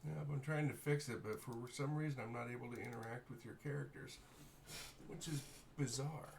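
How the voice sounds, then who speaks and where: An easygoing man runs a tabletop game as game master, his voice at an ordinary middle pitch. He talks players through the setup, often muttering half to himself. A faint hiss of noise sits under his voice. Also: a little fast, creaky. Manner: easygoing, muttering to himself while fixing software. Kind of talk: running a tabletop game online.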